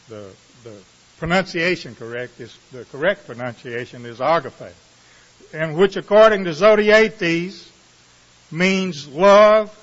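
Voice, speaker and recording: Slow high-voiced preacher in a reverberant hall. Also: male voice, a bit bright. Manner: slow, measured reading with dramatic pauses. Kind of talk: sermon with scripture reading. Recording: muffled, reverberant hall sound.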